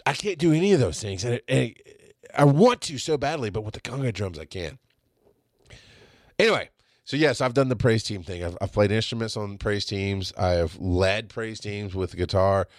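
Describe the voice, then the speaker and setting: Man, late 30s, podcast host, blunt and animated, swears freely, mid-pitched voice, dry close sound. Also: normal speed, no echo. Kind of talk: casual monologue.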